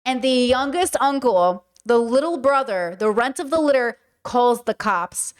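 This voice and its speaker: A woman host giving casual commentary and telling a personal story in an animated, profane, conversational way. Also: fairly high pitch, measured pace, clear, resonant tone. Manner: animated, profane, conversational, reads chat aloud.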